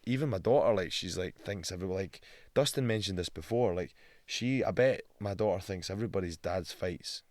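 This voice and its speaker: A Scottish man in his thirties, a guest on a podcast, telling lively stories in casual chat, swearing freely and acting out the voices of people he meets. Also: sits low, a little fast, hardly any pauses, no echo, studio quality. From Scotland. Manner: animated storyteller, swears a lot, acts out quotes. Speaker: guest, pro fighter.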